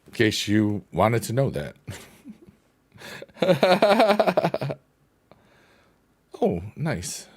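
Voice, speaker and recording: Male mobile-game streamer, mid pitch, very lively intonation, rambling goofy chat with silly sing-song bits. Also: extremely slow, pauses often, husky. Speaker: gaming streamer. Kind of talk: casual chat while playing a mobile game.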